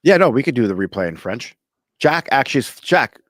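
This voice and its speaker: A man's voice: medium pitch, sing-song, brisk, no echo, clean studio sound. A man hosting a podcast, talking business in a blunt, casual way and swearing now and then. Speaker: podcast host.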